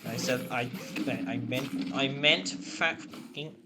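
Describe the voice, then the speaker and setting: A man's voice: mid-range voice, slow pace, heavy background noise. A man giving casual gameplay commentary, joking and swearing through exasperated outbursts. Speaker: gaming YouTuber.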